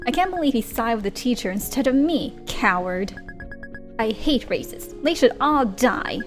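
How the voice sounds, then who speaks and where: Woman doing a fiery teenage girl, defiant, angry, bright high voice. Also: lively intonation, moderate pace, soft background music, close to an everyday voice.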